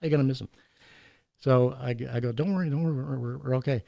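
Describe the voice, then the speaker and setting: A man telling anecdotes in a casual podcast chat, animated and laughing often, acting out the people in his stories. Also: mid-range voice, fast talker, gravelly, dry recording. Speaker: podcast guest. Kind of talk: casual storytelling.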